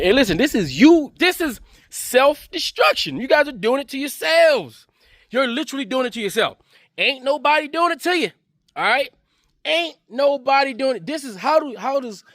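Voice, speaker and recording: A man's voice: high-pitched, a bit bright, no room sound, clean studio sound. A man giving a taunting, mocking political commentary rant to camera, repeating his jabs over and over. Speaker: online commentator.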